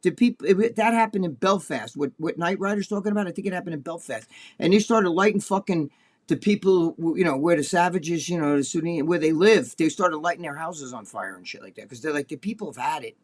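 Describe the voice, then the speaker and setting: High-voiced blunt crude male podcaster. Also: lively intonation, fairly quick. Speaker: podcast co-host. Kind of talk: casual profane chat.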